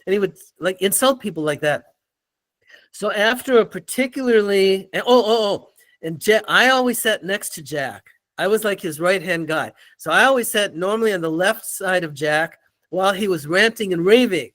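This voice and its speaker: An older man with a high-pitched voice tells stories as an interview guest. He is animated and acts out the people he describes. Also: normal speed. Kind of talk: storytelling in an interview.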